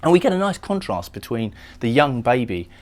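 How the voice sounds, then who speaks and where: A man's voice: medium pitch, big pitch swings, brisk. A man giving a recorded poetry lecture, explaining lines of a poem and often repeating words as he goes. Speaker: literature lecturer.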